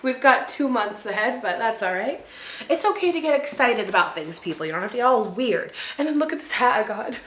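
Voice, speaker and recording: Bubbly, lively young woman vlogging at home. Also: a little high, a little fast, slight background noise. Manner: bubbly, chatty, laughs often. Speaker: lifestyle vlogger. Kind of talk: casual vlog chat. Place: home, indoors. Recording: echoey room.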